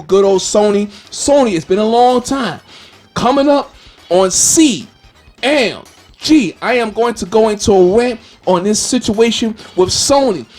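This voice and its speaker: A man hosting a gaming channel, ranting with loud, exasperated questions and frequent cursing. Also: sits high. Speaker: gaming YouTuber. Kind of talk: animated rant video.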